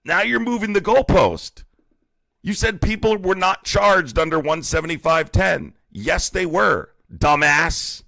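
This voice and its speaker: A man's voice: sits high, lively intonation, measured pace, vocal fry, sharp tone, no echo, clean studio sound. A man hosting a heated live-streamed debate, mocking and profane as he argues with callers. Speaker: livestream debate host.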